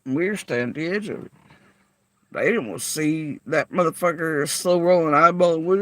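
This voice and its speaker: A woman's voice: deep voice, animated, fairly quick, no room sound. A woman vlogger rants to her livestream chat. She is heated and profane, and she keeps firing confrontational rhetorical questions at her viewers. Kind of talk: livestream rant addressing chat.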